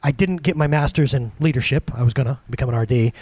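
A man in his thirties preaching a sermon, animated, jumping between loud peaks and quiet, hushed asides. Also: medium pitch, fast talker, no room sound. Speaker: pastor.

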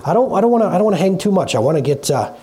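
A middle-aged pastor preaching in a relaxed, conversational way in a church, often repeating words and laughing at themself. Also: medium pitch, very fast. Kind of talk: conversational sermon. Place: church hall.

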